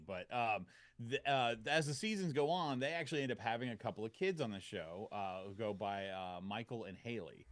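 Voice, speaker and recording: A man co-hosting a podcast, pitching an idea in casual chat, with many pauses and fillers. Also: no echo. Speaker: podcast co-host.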